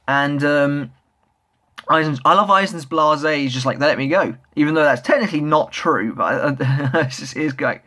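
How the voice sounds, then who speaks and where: A young man with a fairly high voice talks through a manga chapter as a keen fan. He rambles casually, full of ums and restarts. The tone stays relaxed and chatty throughout. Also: moderate pace. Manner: enthusiastic fan. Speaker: manga reviewer. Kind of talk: casual video review.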